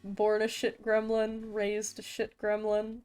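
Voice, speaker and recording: A woman's voice: mid-range voice, completely flat delivery, slow, darkish tone, smooth, faint music behind. A woman streaming as a vtuber, chatting casually with viewers while drawing, playful and self-mocking with frequent laughs and restarts.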